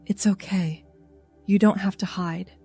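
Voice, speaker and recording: A tender, loving mother speaks in a soft, soothing voice that is gentle yet firm, as a woman reading the story puts her on. She talks slowly and evenly, in a dry, close sound. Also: mid-range voice, no room sound, soft background music, lightly acted.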